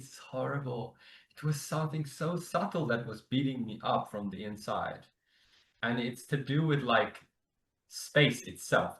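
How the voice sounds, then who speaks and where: A man's voice: mid-range voice, fairly bright tone. A man earnestly sharing his spiritual practice in casual talk. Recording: echoey room, distant mic.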